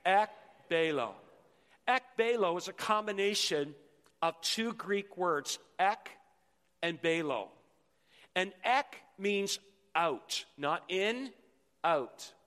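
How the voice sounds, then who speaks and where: A middle-aged man preaching a sermon as pastor, energetic and leading the congregation in call-and-response. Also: high-pitched. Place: church sanctuary. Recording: long hall reverb in a church.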